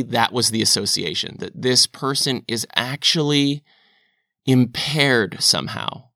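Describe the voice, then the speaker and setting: Earnest man thinking aloud, bright tone. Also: medium pitch, no echo, studio quality. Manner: earnest, self-questioning, confessional. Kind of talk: reflective personal monologue.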